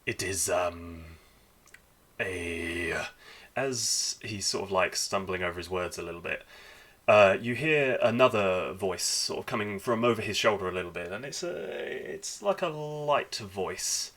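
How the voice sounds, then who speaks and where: A man narrating as game master, halting and filling with ums as he describes the scene. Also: on the low side, lively intonation, fairly bright tone. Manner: halting, many fillers and restarts.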